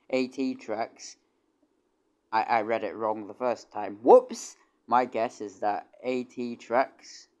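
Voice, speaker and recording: Brief: young man, casual streamer, rambling and swearing, many restarts. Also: on the low side. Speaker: streamer and composer. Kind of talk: casual livestream chat.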